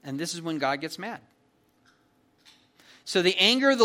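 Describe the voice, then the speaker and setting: A man's voice: high-pitched, lively intonation, normal speed, pauses often, sharp tone. A man preaching an expository sermon in a conversational, emphatic way, often checking in with his listeners. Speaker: pastor.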